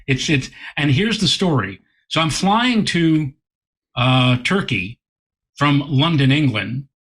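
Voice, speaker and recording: Guy telling a story on a show, husky voice, kinda high, lively. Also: takes it slowly. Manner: animated, repeats words while telling a story. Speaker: guest astronomer. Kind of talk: anecdotal storytelling in interview.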